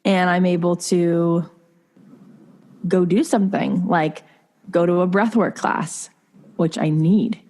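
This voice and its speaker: A woman's voice: lowish voice, steady tone, takes it slowly, long pauses, warm tone. Earnest woman sharing personal struggles. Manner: earnest, confiding, with many likes and restarts. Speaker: podcast guest. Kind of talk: candid conversational storytelling.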